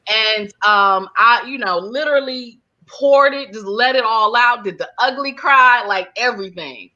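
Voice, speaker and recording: A woman appears as an interview guest, a holistic healer and counselor, speaking in a somewhat high, sharp voice at an unhurried pace. She tells her story casually, filling it with "like" and "you know," and the lo-fi recording sounds dull.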